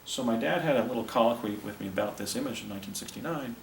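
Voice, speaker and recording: A man's voice: mid-range voice, quick pace, creaky. A man in his fifties giving a public lecture in a hotel meeting room, telling stories in rambling detail. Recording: roomy hall from far off, faint hiss.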